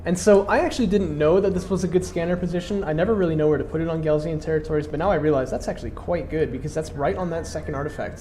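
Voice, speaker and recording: A man's voice: a little high, mellow, slight background noise. A congested man casually commentating his own strategy game match, explaining his moves with plenty of fillers.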